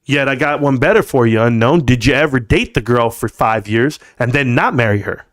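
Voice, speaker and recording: A man in his forties hosting a live stream, ranting sarcastically and swearing freely in a casual, animated way. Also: medium pitch, a little fast.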